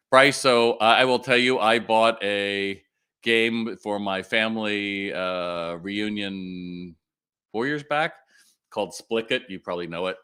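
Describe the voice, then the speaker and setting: A middle-aged man from California hosting a live retail Q&A stream, talking in an animated way and often asking viewers to respond. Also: fairly low pitch, clear, resonant tone. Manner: animated, quick asides and audience calls to respond.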